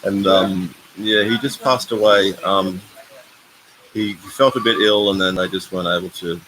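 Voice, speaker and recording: Low-voiced man in his sixties. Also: steady tone, measured pace. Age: 60s. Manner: rambling, thanks donors by name. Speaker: live-stream host. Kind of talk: casual live-stream chat. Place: residential complex in Bali. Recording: noisy ambient background.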